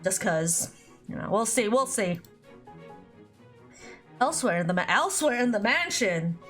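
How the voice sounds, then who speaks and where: A woman's voice: medium pitch, big pitch swings, measured pace, a bit bright, faint music behind. A woman streaming a visual novel, reading it aloud with giggly, chatty commentary. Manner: giggly, laughs often, chatty asides. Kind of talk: casual let's-play commentary and reading aloud.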